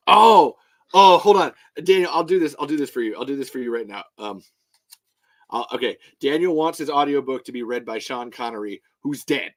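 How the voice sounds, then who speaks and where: A man hosting a casual livestream, reading comments aloud in an excitable, rambling way and swearing often. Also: mid-range voice, dry recording. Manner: excitable, swears a lot, jumps between topics. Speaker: livestream host.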